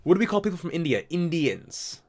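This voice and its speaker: A young man in a casual comedic monologue, rambling and animated, swearing, slipping into mock voices and laughing at his own jokes. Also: fairly high pitch, a little fast.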